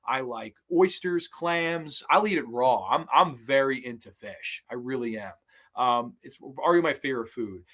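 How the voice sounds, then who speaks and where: A man hosting a live horror channel stream, answering viewer questions in a relaxed, rambling way with many ums, restarts and the odd swear word. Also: medium pitch, normal speed.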